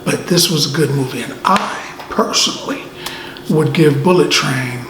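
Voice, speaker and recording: A man giving a casual movie review, easygoing and animated, often tacking "man" onto his sentences. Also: a little high, a little slow, music in the background. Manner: laid-back, says "man" often, animated asides. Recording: echoey room, faint ambient noise.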